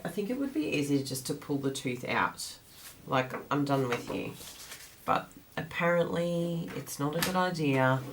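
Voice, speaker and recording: A woman with a low voice chats casually to her livestream audience as host of a craft class. She rambles and laughs often, and her voice sounds groggy from the morning. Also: background noise.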